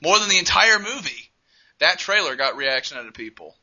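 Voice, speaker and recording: A man co-hosting a casual movie chat, giving emphatic, animated opinions. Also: fairly high pitch, brisk. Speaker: podcast co-host. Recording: dull lo-fi sound.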